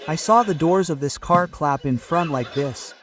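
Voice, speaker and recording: Loud stand-up comic man, distant mic. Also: fairly high pitch, moderate pace, a little hiss or hum. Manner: loud, animated storytelling with crowd banter. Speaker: stand-up comedian. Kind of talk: stand-up routine with crowd work. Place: comedy stage before a live audience.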